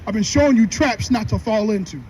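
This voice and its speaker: A man's voice: high-pitched, brisk, a little mellow, slight background noise, poor audio. A man earnestly explaining Bible verses in a casual street teaching style.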